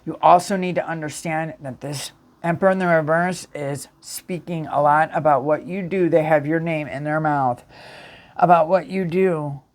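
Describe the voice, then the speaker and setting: A woman's voice: deep voice, moderate pace. Earnest woman giving a tarot reading. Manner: earnest, emphatic, with frequent restarts and self-corrections. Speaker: tarot reader. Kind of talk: casual spiritual tarot reading to viewers.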